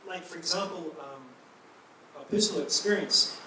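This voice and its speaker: A middle-aged man recalling a moving experience in a slow, earnest, wonder-struck way. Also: on the high side, pushed and bright. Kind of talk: casual reminiscing. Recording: echoey room, distant mic, background noise.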